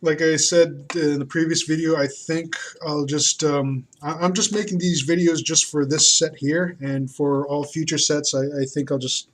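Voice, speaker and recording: A man's voice: fairly high pitch, steady tone, normal speed, few pauses. A man talking casually while he draws, rambling and hesitant, with many fillers and restarts. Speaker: artist. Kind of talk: casual talk while drawing.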